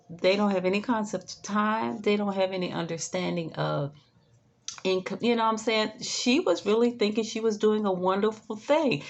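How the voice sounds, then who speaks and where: A woman caregiver giving casual advice, chatty, tagging her sentences with "right?" and "okay?", sometimes dropping to a soothing hush. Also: mid-range voice, muffled recording. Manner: soothing, drops to a hush when modeling calm words. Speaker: in-home caregiver. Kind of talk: casual advice talk to camera.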